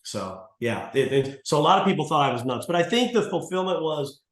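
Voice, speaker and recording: A man's voice: on the high side, expressive, brisk. A man in his sixties, a martial arts school owner, telling stories in a casual interview, rambling with restarts and acting out dialogue. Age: 60s. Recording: roomy echo.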